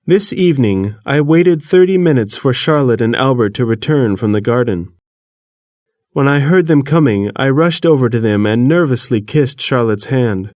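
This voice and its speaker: A man reading an audiobook in the first person, measured and earnest, recorded close to the mic. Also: medium pitch, animated, a little mellow, dry recording. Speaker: audiobook narrator. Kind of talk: first-person scripted narration.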